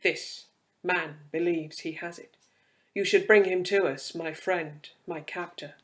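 A man voicing an ancient, cruel, inhuman creature that taunts and entices in a high, forceful voice. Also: steady tone, unhurried. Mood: enticing.

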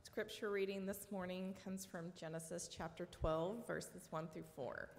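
A woman reading scripture aloud in a measured, formal way during a church service. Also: lowish voice, steady tone, gravelly. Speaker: scripture reader. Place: church sanctuary. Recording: long reverb of a church sanctuary.

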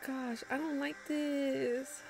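A woman talks casually through her reaction to a TV episode, exclaiming often and fighting back tears. Her voice sits a little high with a gravelly fry running through it. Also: steady tone, slow pace, over music. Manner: emotional, exclaiming, laughing often. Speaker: reaction vlogger.

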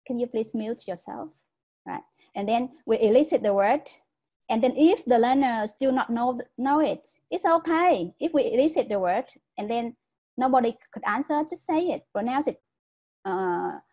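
A woman trains teachers in an online lecture, speaking in a warm, mellow and slightly husky voice. She explains patiently, step by step, and keeps checking in with "right?". The sound comes through a video call. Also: on the high side, lively intonation, normal speed, low-quality recording.

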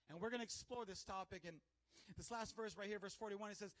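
A male pastor delivers a lively sermon in a fairly high voice. He calls out to his congregation for answers and keeps his energy up throughout. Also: normal speed. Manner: energetic, call-and-response with congregation.

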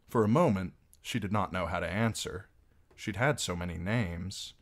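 A man's voice: sits low, normal speed. A man narrating a fantasy novel chapter as an amateur audiobook reader, reading expressively.

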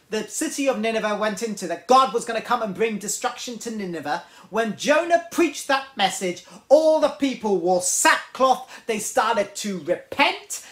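A man's voice: high-pitched, fairly bright tone. A man preaching a sermon, retelling Bible stories with dramatic flair and acting out the complaining characters. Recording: echoey room.

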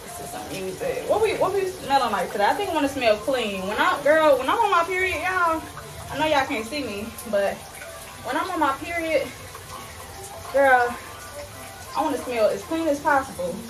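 A woman vlogging casually at home while getting ready, loud and playful, talking straight to her viewers with slang. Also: high-pitched, lively intonation, normal speed. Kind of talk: casual chat to camera. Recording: distant mic with music playing behind.

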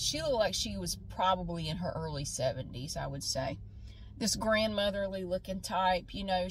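Animated woman in her forties telling a story. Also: lowish voice, slight background noise, rough recording. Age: 40s. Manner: animated, laughing, swearing freely. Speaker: vlogger. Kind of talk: casual storytelling. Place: outdoors at a beach.

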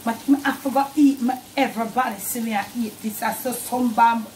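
A woman's voice: fairly high pitch, steady tone, a little fast, a little mellow, a little hiss or hum. Chatty Jamaican woman, echoey kitchen. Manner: chatty, mixes in patois. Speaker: cooking channel host. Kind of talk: casual cooking vlog.

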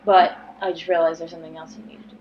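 A woman's voice: fairly low pitch, little pitch movement, rapid-fire, a little mellow, dull audio, a little hiss or hum. A woman hosting a let's play, telling her co-player where to go and trading blunt jabs with him. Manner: directive, bossy guidance with blunt banter. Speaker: channel host, guiding the player. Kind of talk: casual gameplay chat.

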